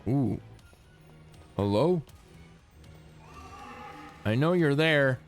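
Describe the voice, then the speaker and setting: A laid-back man chatting to his stream chat while he plays, loose and profane. His voice sits at an ordinary middle pitch. Faint music plays underneath. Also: expressive, extremely slow. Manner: laid-back, swears, laughs, talks to chat. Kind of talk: casual gameplay commentary.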